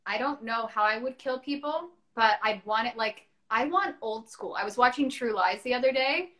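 High-voiced chatty woman host. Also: normal speed, a bit bright. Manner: chatty, enthusiastic, laughs often. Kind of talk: casual chat.

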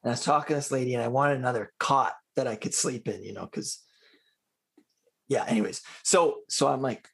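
A man in a casual conversation, telling animated personal anecdotes and acting out the quotes. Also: medium pitch, fairly quick, creaky, slightly rough. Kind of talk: casual storytelling chat.

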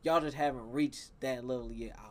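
A man, a podcast guest, chatting casually in a relaxed, informal way and giving life advice. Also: medium pitch, fairly quick. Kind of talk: casual chat.

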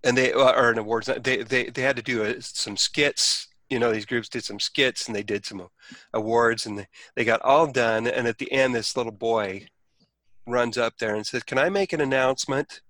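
Man, bright voice, dry close sound, casual storytelling, restarts. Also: medium pitch, fairly even intonation, normal speed, no echo. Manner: rambling, many restarts, quotes others.

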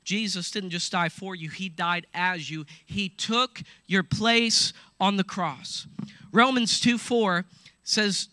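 Upbeat male preacher, high voice, playful asides and crowd check-ins. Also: slow, no room sound, studio quality. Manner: animated, laughing asides, call-and-response. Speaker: pastor. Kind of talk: sermon.

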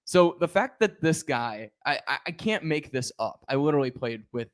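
A man's voice: on the high side, animated, moderate pace. A man hosting a casual sports podcast, making his points at length and with emphasis. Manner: talkative, emphatic, lays out numbered points.

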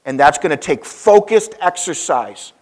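A man preaches to his congregation, telling a story with pauses and sudden emphasis. His voice sits a little high for a man. He pushes up loud on key points, then falls soft and low. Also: expressive. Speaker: pastor. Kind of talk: sermon.

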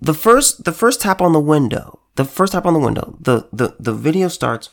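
A political commentator with a fairly high, creaky voice and big pitch swings delivers an emphatic, heated monologue at a moderate pace. He keeps repeating himself and stumbling into restarts of his phrases.

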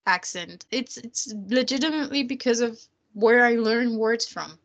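A fairly high-voiced German woman tells stories in relaxed chat. She speaks English with a slight German accent and laughs often. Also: normal speed, lo-fi sound. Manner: chatty storyteller, laughs often. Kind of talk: casual chat.

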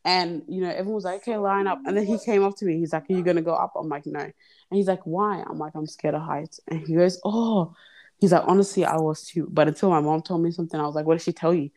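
Young woman telling an animated story. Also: lowish voice, fast. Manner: animated, acts out quoted voices. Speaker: podcast guest. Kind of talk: casual storytelling chat. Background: children in the background.

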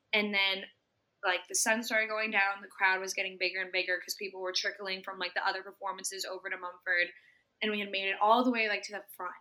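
A woman's voice: medium pitch, bright, forceful tone. A young woman co-hosting a podcast, telling a story in casual, chatty talk that is full of swearing. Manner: chatty, swears freely, acts out her own panicked inner voice. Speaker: podcast co-host. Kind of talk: casual chat.

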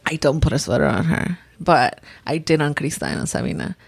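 A woman's voice: low voice, lively intonation, fairly quick, creaky, slightly rough, no room sound. A woman, a mother of three, chatting casually and rambling with many restarts, sometimes dropping in Spanish words. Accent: mixes in Spanish words. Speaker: mother of three talking about her daughters. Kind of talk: casual chat.

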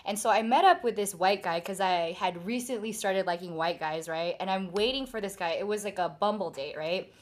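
A woman's voice: mid-range voice, animated, brisk, hardly any pauses. Blunt, profane young woman hosting. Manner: blunt, profane, laughs often. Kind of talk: casual chat.

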